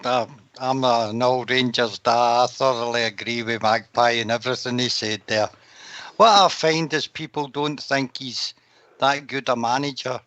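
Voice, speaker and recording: A man on a football phone-in, calm and measured as he gives his opinion. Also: medium pitch, no echo. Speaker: caller.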